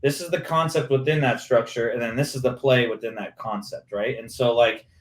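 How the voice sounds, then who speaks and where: A man in his forties talks in a lively, detail-heavy way, walking through plays step by step as an interview guest. His voice sits at a middle pitch, and the recording carries a noticeable roomy echo. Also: fairly quick, recorded from a distance. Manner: animated, explains with hands-on play-by-play detail. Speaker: former pro football receiver, podcast guest. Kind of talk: conversational interview. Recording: roomy, echoey room sound.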